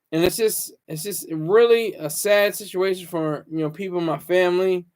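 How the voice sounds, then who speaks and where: A man hosting his own talk show, speaking in a halting, rambling way with lots of repeated words and fillers, earnest and reflective. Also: high voice, fairly even intonation, darkish tone. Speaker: show host. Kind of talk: solo talk-show monologue.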